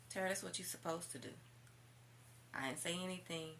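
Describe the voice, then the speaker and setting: A woman vlogger candidly telling a personal story to her viewers, animated and sassy, with casual swearing. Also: fairly low pitch, fairly quick, long pauses, slight background noise. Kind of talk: storytime vlog.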